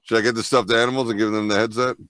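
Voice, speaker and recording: Lowish guy cracking jokes on a podcast, dry close sound, no room at all. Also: level tone, very fast, a bit bright, clean tone, no room sound. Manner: wry, joking asides. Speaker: podcast co-host. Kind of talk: casual chat while watching a film.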